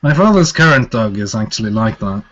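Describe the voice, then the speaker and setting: A man's voice: lowish voice, big pitch swings, brisk, fairly bright tone. A man chatting casually and agreeably, laughing along, on slightly dull lo-fi stream audio. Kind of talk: casual chat.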